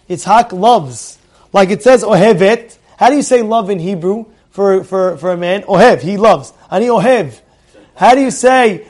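A middle-aged man leads a Torah class with a high, lively voice. He repeats phrases for emphasis, peppers his talk with Hebrew terms and keeps asking his listeners whether they follow. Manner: animated, repeats phrases for emphasis, asks the audience questions. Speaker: Torah teacher.

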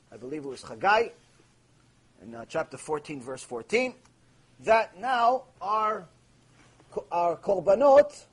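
A middle-aged man teaching Torah in a live lecture, his voice pitched high with a husky edge. He drives his points home by repeating them and slips into acted-out prayers to make them vivid. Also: a little mellow, rough recording. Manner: emphatic, repeats key phrases, acts out imagined prayers.

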